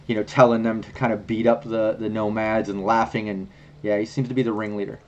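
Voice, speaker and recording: A man's voice: lowish voice, flat delivery, fairly quick, a little mellow. A man narrating as game master of a tabletop game, describing scenes loosely with many fillers. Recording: slightly muffled audio.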